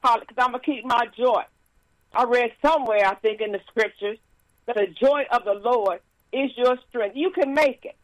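A woman minister giving a casual sermon with stories and announcements, lively and laughing, with frequent praise interjections. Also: fairly high pitch, normal speed, dry recording, rough recording.

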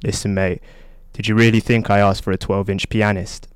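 A man doing a knowing, laid-back bartender who leans in to confide. The voice is low and level, clean and dry. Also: level tone, normal speed, clean tone, no room sound, close to an everyday voice. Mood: confiding. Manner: confiding, matter-of-fact.

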